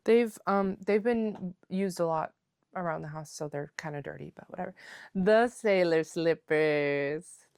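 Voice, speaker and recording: A woman's voice: on the low side, normal speed, gravelly, a little mellow, no room sound, studio quality. A woman chatting casually as a knitting vlogger, rambling with lots of filler words and calling her viewers besties. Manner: playful, calls viewers besties. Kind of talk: casual chat. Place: at home.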